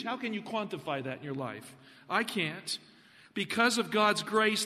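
A man preaching a sermon, animated, putting questions to the congregation. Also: high voice, big-room sound.

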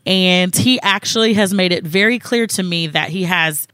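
A woman's voice: fairly low pitch, moderate pace, a bit bright, dry recording. A woman guest on a podcast, candidly telling a personal story with emphasis and quoting what others said. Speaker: guest sharing her story.

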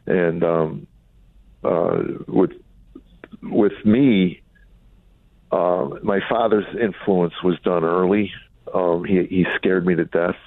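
Deep gravelly man on a phone line. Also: fairly even intonation, slow, long pauses. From Chicago, USA. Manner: reflective, wry, acts out family quotes. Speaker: comedian and author, guest. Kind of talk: candid storytelling in an interview. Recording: dry phone-line sound.

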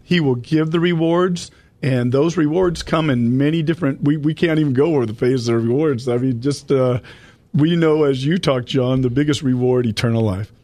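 Man, faith radio host, dry close sound, steady mid voice, folksy scripture reading. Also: medium pitch, no echo. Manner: addresses listeners as folks, reads scripture slowly. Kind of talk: Bible study radio talk.

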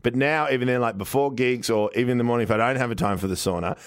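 A man's voice: mid-range voice, very fast, no echo. Upbeat man with a dry close sound. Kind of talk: casual chat.

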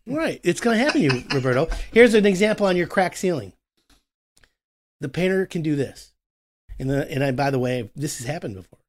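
A man hosting a talk show about home renovation, explaining with animated acted-out dialogue. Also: on the high side, a little fast. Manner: animated, acts out customer and contractor voices. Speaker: podcast host.

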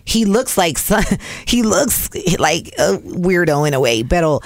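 A woman co-hosting a podcast in casual chat, with a raspy voice, chatty and laughing often, slipping Spanish phrases into her talk. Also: on the low side, sing-song, measured pace, dry recording, studio quality. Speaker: podcast co-host.

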